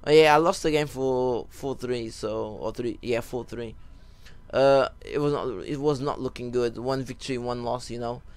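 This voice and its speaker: A young man telling a rambling story while giving casual commentary over a football video game, breaking off for excited goal calls. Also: medium pitch, moderate pace, clear, resonant tone. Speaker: gaming YouTuber.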